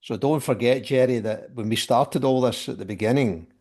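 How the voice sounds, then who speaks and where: A man's voice: mid-range voice, normal speed, darkish tone. A man hosting a casual panel chat about music, talking with many fillers and restarts. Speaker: podcast host.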